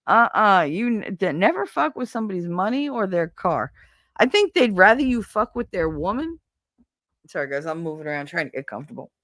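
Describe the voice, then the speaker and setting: A woman with a New Jersey accent hosting a casual livestream, chatting and reading viewer comments in a chatty, profane, animated way. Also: mid-range voice, a little fast, no room sound, clean studio sound. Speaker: livestream host. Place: at home, smoking.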